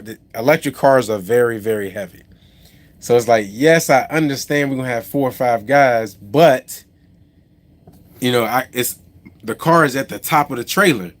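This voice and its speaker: A man's voice: mid-range voice, normal speed. A man who drives a truck and owns a trucking company, telling a story on a casual live stream, rambling with many restarts and asides to viewers.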